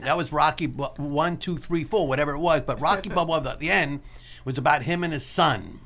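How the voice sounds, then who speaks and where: A man hosting a call-in radio talk show, talking in an earnest, motivational way and repeating key points slowly. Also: fairly high pitch, expressive, a bit bright.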